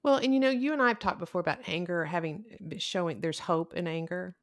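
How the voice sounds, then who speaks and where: A middle-aged woman, a couples counselor hosting a podcast, telling stories in a candid, animated way. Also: fairly low pitch, fast talker. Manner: animated storyteller, candid and expressive. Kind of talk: casual conversational podcast.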